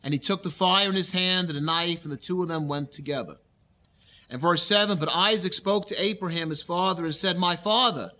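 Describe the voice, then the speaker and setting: Man preaching, high voice, bright tone, reads verses then explains words. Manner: reads scripture slowly, then explains the Hebrew. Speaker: pastor. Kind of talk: expository Bible sermon.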